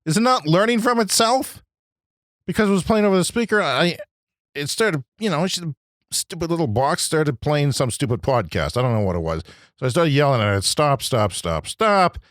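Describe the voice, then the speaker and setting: A man hosting a podcast, delivering an agitated, profane comedic rant that swings between loud outbursts and low muttering. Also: animated, fairly quick, no room sound, clean studio sound. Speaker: podcast host. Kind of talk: ranting comedic monologue.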